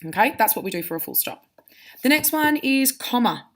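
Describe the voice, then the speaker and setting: A woman teacher giving a recorded lesson to her pupils. She explains step by step in a clear, direct way, speaking straight to the students. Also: a little high, sing-song, brisk.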